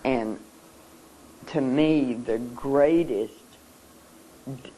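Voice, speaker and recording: Earnest and halting, an adult delivers an emotional seminar talk full of pauses and repeated words. The mid-range voice has a warm tone, captured in a low-quality recording.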